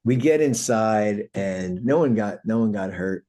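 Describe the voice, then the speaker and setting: A man's voice: lowish voice, expressive, a little slow, mellow. Rambling, profane middle-aged man. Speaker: guest, punk band vocalist. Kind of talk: casual storytelling.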